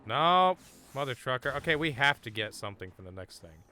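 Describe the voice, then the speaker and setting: A man live-streaming a video game, chatting with viewers in an excitable way, swearing and breaking into sudden loud outbursts. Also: medium pitch, quick pace, a little hiss or hum. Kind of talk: live gameplay commentary.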